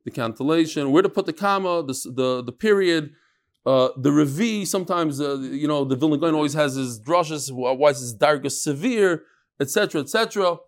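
A man's voice: on the high side, lively intonation, brisk. A man teaching a casual study-group class, chanting lines and then explaining them with restarts and joking asides. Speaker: Talmud teacher.

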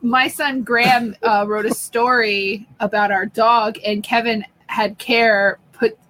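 Enthusiastic woman chatting, bright pitch. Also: fairly even intonation, slow pace, poor audio. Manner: enthusiastic, full of short reactions. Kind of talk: casual chat.

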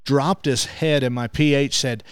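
A man who hosts a hunting show, telling stories as an interview guest. He gets animated and restarts his words when excited. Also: medium pitch, a little slow, smooth, no echo, clean studio sound. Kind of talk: animated storytelling.

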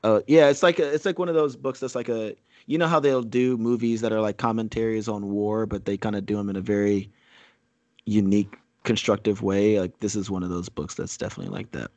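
A man's voice: lowish voice, fairly even intonation, a little fast, a little mellow, dry recording, dull audio. A man in casual conversation as a co-host, rambling with frequent fillers and restarts, and reading a speech aloud. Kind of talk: casual chat.

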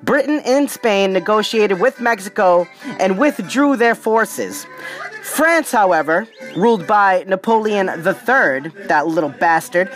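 Hyped, slangy podcast host. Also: medium pitch. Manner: hyped, playful, streetwise slang, repeats "ladies and gentlemen". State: a little tipsy. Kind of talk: casual podcast reading history with joking asides.

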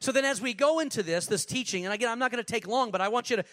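Pastor, male, high voice, energetic sermon with casual asides. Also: very fast.

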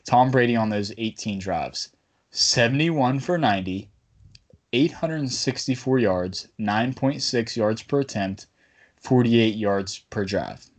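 A man's voice: medium pitch, takes it slowly. A man hosting a casual sports podcast, talking in a rambling, bantering way. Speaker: podcast host.

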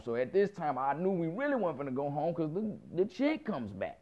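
A man in his thirties tells a late-night story and then lectures his listeners, talking loosely and profanely in heavy slang. His voice sits a bit high for a man, and the recording comes through muffled and lo-fi. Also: fast. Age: 30s. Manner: profane, animated, lots of quoted dialogue and slang. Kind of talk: casual storytelling rant.

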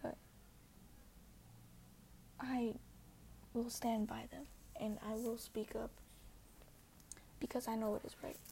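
Soft, gravelly teenage girl vlogging. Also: a little high, little pitch movement, slow, pauses often, a little hiss or hum. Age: teens. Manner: earnest and hesitant, many fillers, often half-whispered. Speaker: social media poster. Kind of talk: casual vlog monologue.

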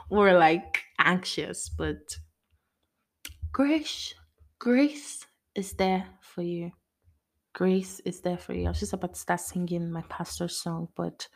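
A young woman hosting a casual faith podcast, excitable and giggly, rambling as she encourages her listeners. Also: on the low side. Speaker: podcast host.

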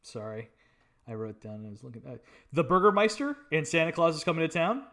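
Male podcast co-host, somewhat high voice, eager, rambling recaps full of fillers. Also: very animated, brisk, fairly bright tone. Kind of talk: casual film review chat.

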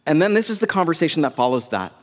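A man's voice: on the high side, very animated, quick pace. A man pastor preaching a sermon in a conversational way, with casual asides to the congregation. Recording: long reverb of a large hall.

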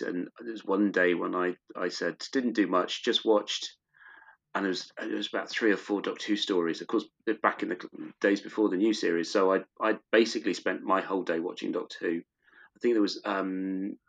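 Give me a middle-aged podcast guest, a man with a low voice who rambles and restarts, recorded on a muffled, lo-fi line. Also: vocal fry, fairly bright tone. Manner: rambling, many restarts, fond enthusiasm. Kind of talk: casual chat. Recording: dull lo-fi recording.

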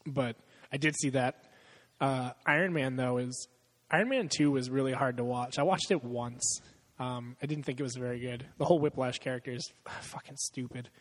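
A man of middle pitch rambles through a casual talk about films, swearing freely and laughing at his own jokes. His voice sits at an ordinary height, loose and unpolished. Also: moderate pace, big-room sound. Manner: profane, rambling, laughs often. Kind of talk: casual chat about movies.

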